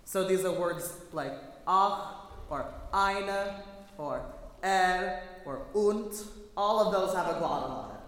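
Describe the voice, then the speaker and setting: Choir director, male, high voice, chatty and detailed, long hall reverb. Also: slow pace, a bit bright. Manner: chatty, detailed, self-correcting. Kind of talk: choir rehearsal instruction. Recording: echoey hall, faint noise.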